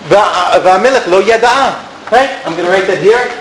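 A man with a fairly high voice teaches a Bible class, laying out his reasoning step by step and turning to his students with questions. He sounds like he's in an echoey classroom, with a little noise in the background. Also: quick pace, a bit bright. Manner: explanatory, asks the class questions.

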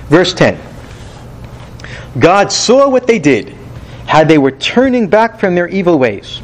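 A man with a notably high voice leads a Bible study lesson. He talks in an animated, rhetorical way, posing questions to his listeners and answering them himself. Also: a little slow, a little hiss or hum, rough recording. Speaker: Bible teacher.

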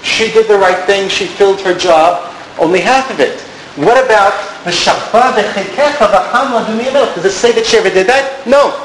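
A man's voice: high-pitched, moderate pace. A man teaching a Bible class, explaining step by step and putting questions to his students. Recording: echoey room, some background noise.

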